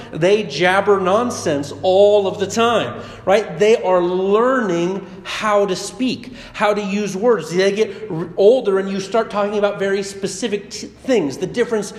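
Brief: male preacher, light high voice, relaxed storytelling sermon, big reverberant hall. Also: a little slow, few pauses. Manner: conversational and chatty, with personal stories. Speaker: pastor.

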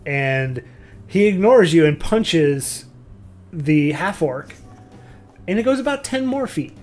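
A man running a tabletop game as game master, narrating in a loose, rambling way with frequent restarts. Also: a little high.

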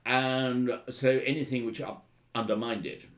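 A man's voice: mid-range voice, steady tone, unhurried, fairly bright tone. A man, a historian and author, telling anecdotes in an interview, hesitant with many fillers and restarts, and wryly amused. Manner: hesitant, full of ums and restarts, wry.

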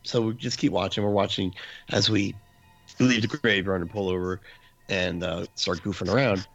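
Man with a gravelly, lowish voice; animated storyteller who laughs and mimics screaming; faint music underneath. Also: normal speed, muffled recording. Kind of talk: casual storytelling.

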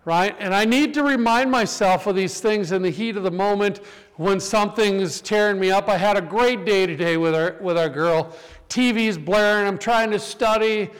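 Male preacher, high and clear-voiced, animated storyteller; sermon in a reverberant hall. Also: normal speed. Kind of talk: sermon with personal stories.

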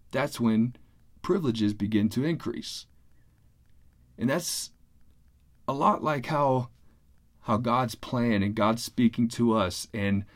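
An earnest man delivers a sermon in a conversational tone, his voice sitting at an ordinary middle pitch. He speaks plainly and sincerely, and he often doubles back on his words as he explains each point. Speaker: pastor.

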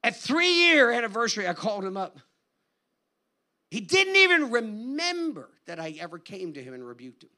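A man preaching a sermon in an animated, conversational storytelling manner. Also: very high voice, moderate pace. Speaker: guest preacher.

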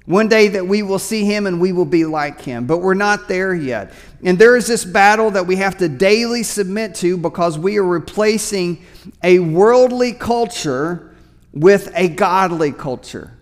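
High-voiced male pastor preaching in reverb. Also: lively intonation, measured pace. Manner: conversational preaching, often repeats words. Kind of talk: sermon. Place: church sanctuary.

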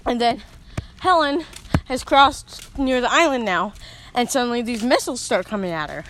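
A woman's voice: fairly high pitch, expressive, normal speed, a bit bright, a little hiss or hum. Giggly, rambling young woman. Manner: giggly, rambling storyteller with lots of fillers. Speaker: friend retelling a film. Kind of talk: casual chat.

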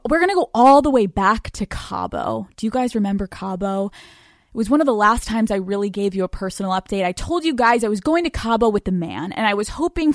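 A woman's voice: on the high side, dry recording, clean studio sound. A woman hosting a podcast alone from a hotel room, talking in a brash, profane, playful way into a microphone set on a bed. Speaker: podcast host. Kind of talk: casual solo podcast monologue.

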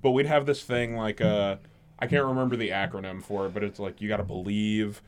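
A man's voice: lowish voice, brisk. A man co-hosting a casual podcast, ranting with lots of swearing as he retells stories about customers. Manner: profane, ranting, animated retelling with mimicked customers. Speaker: podcast co-host. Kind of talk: casual chat.

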